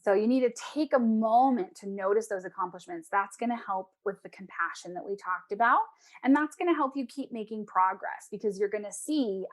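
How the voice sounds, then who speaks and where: Animated woman coach giving advice. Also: medium pitch, normal speed. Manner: animated, acts out clients' voices. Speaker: emotional eating coach, guest. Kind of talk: casual interview talk.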